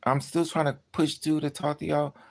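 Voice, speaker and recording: A livestreamer talking straight to chat with a gravelly, fry-edged voice. The talk is blunt and heavy with swearing, and it often drifts and trails off from tiredness. This is loose, unscripted storytelling. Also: medium pitch, little pitch movement, normal speed, darkish tone.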